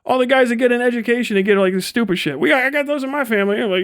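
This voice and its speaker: A high-pitched young man talks on his own livestream. His rant is loose, profane and animated, and he breaks into laughter often. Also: fast. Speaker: livestream host.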